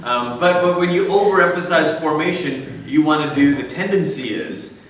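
A man gives a church conference talk in a large room, speaking conversationally and wryly and frequently breaking off for asides. His voice is a little high with lively intonation and a moderate pace. The room is echoey, the mic is at a distance, and there's slight background noise.

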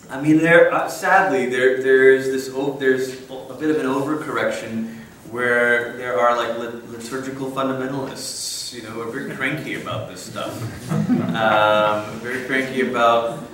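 Recorded from a distance in an echoey large room, a male conference speaker delivers a wry, conversational church talk with many asides. His mid-range voice is steady and measured, a bit bright, with a little hiss or hum on the audio.

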